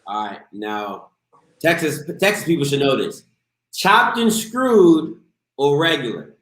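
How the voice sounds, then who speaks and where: A man's voice: a little high, very animated, slow, a bit bright. Hyped man hosting, echoey room. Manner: hyped, slangy, talks straight to viewers. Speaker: show host. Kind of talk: casual live interview show.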